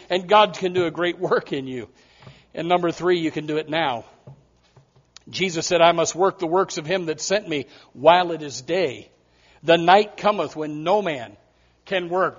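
High-voiced preaching man, dull lo-fi sound. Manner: emphatic preaching that swings from soft asides to loud repeated appeals. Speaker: pastor. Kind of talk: sermon.

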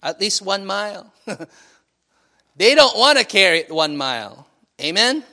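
A man's voice: high-pitched, very animated, measured pace, creaky, bright, forceful tone. A man preaching a sermon as pastor, with frequent call-and-response and light laughter. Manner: call-and-response, asking "Amen?" and laughing often.

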